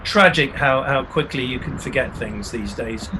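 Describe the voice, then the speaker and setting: A man's voice: medium pitch, normal speed, background noise. An older man hosting a live online interview, chatting in a jokey, self-deprecating way. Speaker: host.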